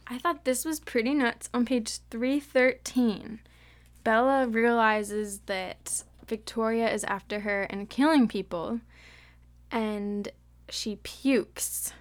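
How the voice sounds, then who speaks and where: A young woman co-hosts a casual book-club podcast, chatty and giggly, reading passages aloud. Her voice is a little high, steady in tone and slow in pace.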